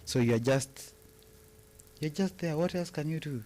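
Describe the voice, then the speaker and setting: A man's voice: a little high, a little slow, mellow, slight background noise. Kenyan man musing in live chat. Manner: musing, repeats phrases for emphasis. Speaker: co-host. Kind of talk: casual live-stream chat.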